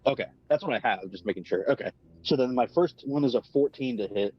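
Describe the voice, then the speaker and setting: A man's voice: mid-range voice, brisk, slightly rough. A man playing a tabletop game, eager and jokey in casual chat. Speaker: player. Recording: dull lo-fi sound with faint music.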